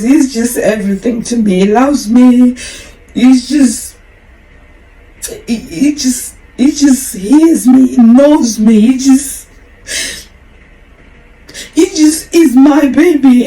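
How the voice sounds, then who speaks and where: A woman's voice: sits high, slow pace, long pauses, dark tone, rough recording. A woman in her forties hosting a podcast, telling a personal story in a candid, emotional, rambling way with frequent restarts. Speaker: podcast host.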